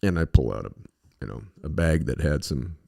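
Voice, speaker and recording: Deep gravelly man rambling on a podcast. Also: expressive, moderate pace, darkish tone. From western United States. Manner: rambling, profane storytelling with many fillers. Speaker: podcast host. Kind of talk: casual monologue.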